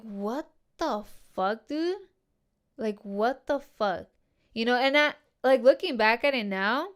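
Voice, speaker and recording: On her own podcast, a woman with a slightly high, clean-toned voice tells a personal story to her listeners. She curses freely, talks in heavy slang, and calls them dude and girls.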